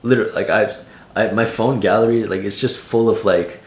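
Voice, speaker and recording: A man's voice: lowish voice, steady tone, a little fast, reverberant. A young man in his late teens giving casual vlog advice in a loose, slangy way full of "like". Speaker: vlogger.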